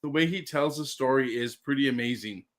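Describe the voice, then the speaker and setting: A man co-hosting a talk show, chatting playfully and cheering along. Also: medium pitch. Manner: animated, playful, quick to laugh and cheer. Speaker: co-host. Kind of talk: casual chat.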